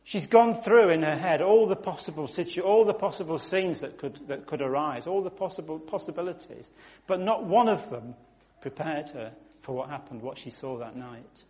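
A man preaching, telling a story vividly and with emphasis, often surging louder. His voice sits a little higher than most men's. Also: lively intonation, normal speed. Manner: vivid, emphatic storytelling with sudden loud rises. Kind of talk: sermon storytelling.

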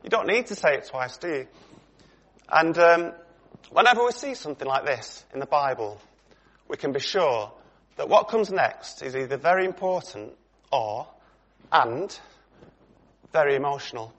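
A man's voice: a little high, lively intonation, normal speed, long pauses, a bit bright. A middle-aged man preaching a sermon in a conversational way, putting questions to his congregation.

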